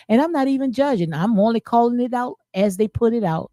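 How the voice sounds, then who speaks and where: A woman's voice: a little high, expressive, a little fast, few pauses, dark tone, no echo. Emphatic woman host with a dry close sound. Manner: emphatic, repeats phrases, frequent "okay?" and "absolutely". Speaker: commentary channel host reading live chat. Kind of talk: casual reality-show commentary.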